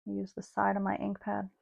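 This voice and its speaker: A woman's voice: medium pitch, completely flat delivery, moderate pace, gravelly, slightly rough, dull audio. A woman hosting a casual online card-making class, chatting as she works. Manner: chatty, thinks aloud while working. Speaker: craft class host. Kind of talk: casual craft demonstration.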